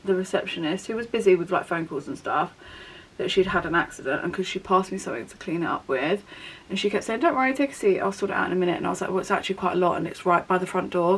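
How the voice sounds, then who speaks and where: A woman's voice: fairly low pitch, slightly rough, poor audio. A young woman, telling a long personal story in a rambling, candid way while doing her makeup for a get-ready-with-me vlog. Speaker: beauty vlogger.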